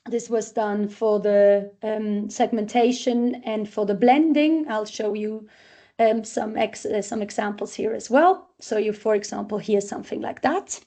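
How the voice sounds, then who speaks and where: A woman's voice: medium pitch, a little slow, mellow. A woman researcher giving a talk, walking step by step through examples of her assessment tool. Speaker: researcher presenting a literacy tool.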